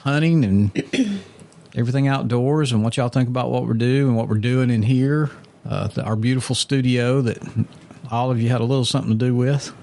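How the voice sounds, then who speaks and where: A man's voice: mid-range voice, brisk, darkish tone. A man hosting a casual podcast chat in a small studio, teasing and joking with his guests. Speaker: podcast host.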